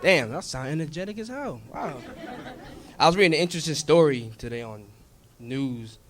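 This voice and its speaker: Animated, profane male stand-up comic. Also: a little high, moderate pace, a crowd in the background, noisy background. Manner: profane, animated storytelling with acted-out voices. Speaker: stand-up comedian. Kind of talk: stand-up comedy. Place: comedy club stage with a live audience.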